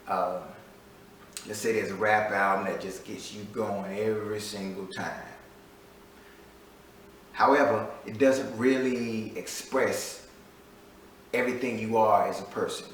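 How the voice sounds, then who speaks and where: A man's voice: lowish voice, a little hiss or hum. A man introducing his online class as the teacher, emphatic and fond of repeating key phrases. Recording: echoey room, mic at a distance.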